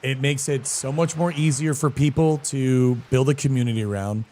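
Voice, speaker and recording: Male streamer, casual slangy chat with viewers, mid-pitched, animated delivery. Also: moderate pace. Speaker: streamer and guild leader.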